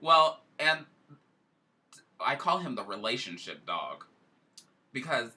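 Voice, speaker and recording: Bright, animated man telling a story. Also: medium pitch, takes it slowly. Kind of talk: casual chat.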